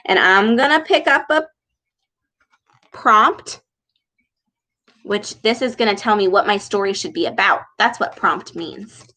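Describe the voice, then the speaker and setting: A young woman leading a speech lesson for children, animated and exaggerated, with frequent gasps and slow, deliberate words. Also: medium pitch, low-quality recording. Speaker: speech therapist reading with children.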